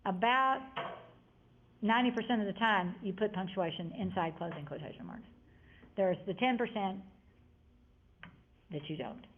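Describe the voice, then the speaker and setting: A woman's voice: medium pitch, moderate pace, long pauses, slight background noise. Woman teacher on tinny classroom audio. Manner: chatty, wandering asides while explaining. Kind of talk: classroom grammar lesson.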